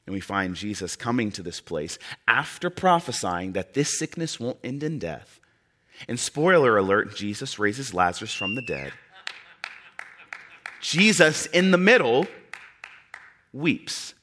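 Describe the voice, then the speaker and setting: A man preaching a sermon in an earnest way, with dramatic pauses and soft drops in his voice. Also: medium pitch, sing-song.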